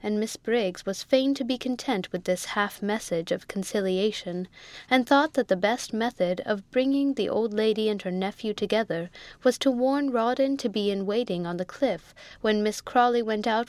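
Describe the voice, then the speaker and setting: A woman narrating a classic novel in a measured, expressive reading. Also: medium pitch, no room sound. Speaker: audiobook narrator. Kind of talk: literary narration.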